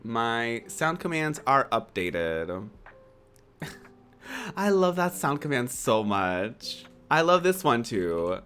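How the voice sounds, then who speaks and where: A streamer in their twenties chatting casually to a live chat, playful and quick to laugh. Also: medium pitch, very animated, fairly bright tone, soft background music. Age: 20s.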